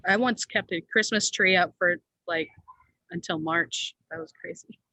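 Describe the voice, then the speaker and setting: A woman co-hosting a podcast in a casual chat, reacting quickly and laughing often. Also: lowish voice, pushed and bright, no echo, low-quality recording. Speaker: podcast co-host.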